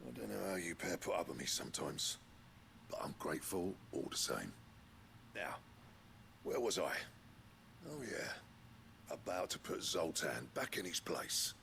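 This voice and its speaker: An actor playing a gruff, stubborn older blacksmith in a video game, with a gravelly voice and a dry, grudging manner. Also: male voice, low voice, sing-song, a little slow, long pauses, bright, forceful tone, a little hiss or hum, exaggerated voice.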